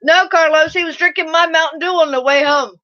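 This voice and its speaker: A woman with a high, bright and sharp voice hosts a casual live stream, answering chat in an animated, laughing way. The sound is dry and close, but muffled and lo-fi. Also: a little fast.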